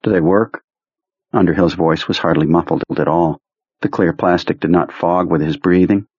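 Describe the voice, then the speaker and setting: Low, husky male audiobook narrator. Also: steady tone, normal speed, dry recording, highs cut off. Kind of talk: scripted narration.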